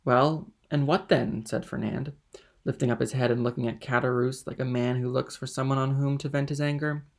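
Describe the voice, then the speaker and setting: A male audiobook narrator reading a classic novel with steady, even pacing. His mid-pitched voice carries a gravelly edge. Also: fairly quick. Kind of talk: scripted narration.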